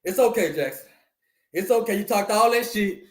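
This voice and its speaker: Loud gloating man in an echoey room. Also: sits high, animated, moderate pace. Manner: loud gloating, repeating lines, laughing and whooping. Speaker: live stream host. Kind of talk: trash-talking sports live stream.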